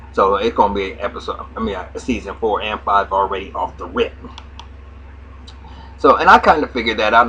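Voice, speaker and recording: A man giving a casual, animated recap of a TV episode, full of profanity and fillers. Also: lowish voice, a little hiss or hum, poor audio. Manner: animated storytelling, heavy profanity, lots of fillers. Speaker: TV episode reviewer.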